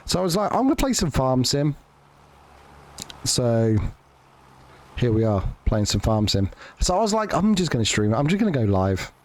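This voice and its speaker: Lively, sweary gaming streamer guy. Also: mid-range voice, moderate pace, long pauses. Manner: joking, sweary, rambling with restarts. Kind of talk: casual live-stream chat.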